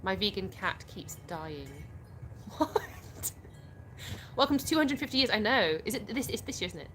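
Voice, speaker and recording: A woman's voice: medium pitch, lively intonation, a bit bright, slight background noise. Chatty English woman livestreaming outdoors. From England. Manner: chatty, quick to laugh. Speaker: livestream host. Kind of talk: casual chat, reading viewer comments aloud.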